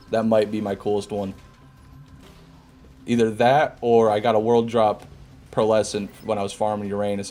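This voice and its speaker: An American gaming streamer with a lowish, darkish voice chats with viewers during live gameplay commentary. He jokes, swears, and laughs often.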